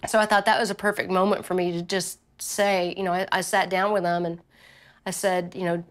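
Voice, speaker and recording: Animated woman retelling a family story. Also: fairly low pitch, fairly quick. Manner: animated retelling with acted quotes. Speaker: interviewee, mother. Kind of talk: casual storytelling interview.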